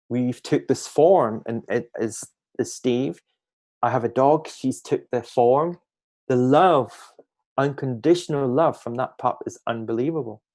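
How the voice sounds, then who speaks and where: Gentle, musing man speaking on a call. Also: medium pitch. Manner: gentle, musing, often slows down for emphasis. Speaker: guest speaker on a group call. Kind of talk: reflective spiritual talk.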